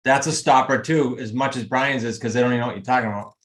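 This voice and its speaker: A man's voice: mid-range voice, steady tone, a bit bright, a little hiss or hum. A man leads a group coaching call over video in a mid-range voice. He talks emphatically and pushes his listeners with motivational energy. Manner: emphatic, motivational, rapid asides. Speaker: real estate coach.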